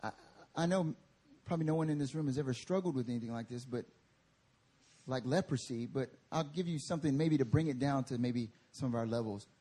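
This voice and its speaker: A male pastor preaching a sermon at a church service, telling animated stories and laughing through them. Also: mid-range voice, brisk.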